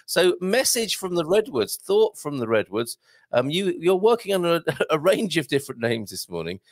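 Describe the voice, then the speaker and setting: A man's voice: a little high, very animated, normal speed, no room sound, studio quality. A man hosting a live online show, chatting casually, reading out comments and tagging on questions. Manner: chatty, jokey, with tag questions.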